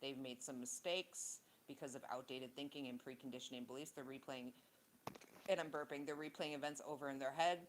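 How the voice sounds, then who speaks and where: Low-voiced blunt woman reading tarot. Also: fairly even intonation, a little fast, background noise. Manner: blunt, profane, rambling asides. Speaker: tarot reader. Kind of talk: casual tarot reading monologue.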